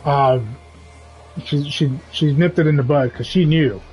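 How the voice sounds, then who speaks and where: A man chatting casually on a live game stream, rambling and telling stories with lively energy. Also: a little high, a little slow, faint music behind. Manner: rambling, animated storytelling. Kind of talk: casual live-stream chat while gaming.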